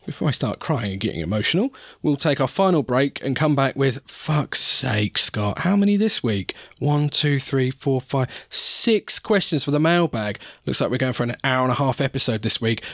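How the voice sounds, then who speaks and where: A man's voice: mid-range voice, expressive, normal speed, few pauses, fairly bright tone, no echo, clean studio sound. A man co-hosting a casual sports podcast, chatting and joking. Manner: banter, swears casually. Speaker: podcast co-host.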